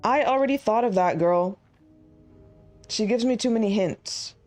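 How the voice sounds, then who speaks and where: A woman's voice: medium pitch, a little slow, a little mellow, faint music behind. A woman streaming a game live, chatting casually and thinking aloud as she works through puzzles.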